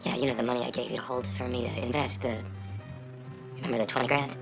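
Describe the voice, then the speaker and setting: A man's voice: mid-range voice, steady tone, fast talker, gravelly, lightly acted. An actor playing a nervous, apologetic dentist who stammers while asking for his money back, in a film. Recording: dull film soundtrack with music.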